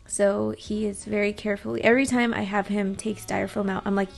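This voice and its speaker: A woman talks over her own footage in a loose, rambling vlog voice-over, poking fun at herself as she goes. Her voice sits at a middle pitch with a lot of gravelly fry. Soft music plays faintly behind her. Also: little pitch movement, a little fast, few pauses. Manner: chatty, rambling, self-deprecating. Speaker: vlogger.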